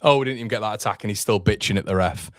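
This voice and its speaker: A man's voice: fairly low pitch, racing, no echo. A young man hosting a live fan watchalong, reacting with frustration and swearing as he talks to his chat.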